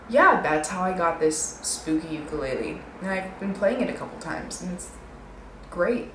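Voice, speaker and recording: A woman's voice: on the low side, animated, moderate pace, fairly bright tone, echoey room, slight background noise. A young woman in her twenties telling stories on her vlog, rambling and poking fun at herself. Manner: rambling, self-mocking, many "like"s. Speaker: vlogger. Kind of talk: casual storytelling.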